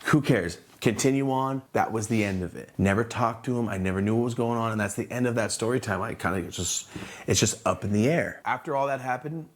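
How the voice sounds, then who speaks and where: A young man telling a casual story about running his streetwear brand, slangy and laid-back, acting out his own lines with big jumps in his voice. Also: fairly quick. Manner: animated, acts out his own quotes with big pitch jumps.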